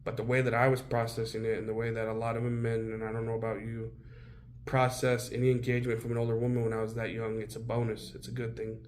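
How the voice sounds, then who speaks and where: A man's voice: mid-range voice, monotone, fast talker, slight background noise. A man as an interview guest, telling his own story bluntly and with heavy swearing. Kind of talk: candid personal storytelling.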